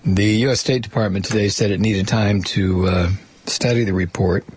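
A man hosting a talk show reads news reports aloud, hesitating with frequent fillers and breaking off into scornful, sardonic asides. His voice sits on the low side, with a steady, darkish tone at a normal speed, and there's slight background noise.

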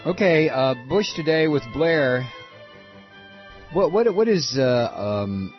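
A man's voice: animated, slow, dull audio, faint music behind. Sarcastic ranting American talk radio man. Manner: sarcastic, mocking, swings from shouting rants to low muttered asides. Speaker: political talk radio host. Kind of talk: opinionated talk radio monologue.

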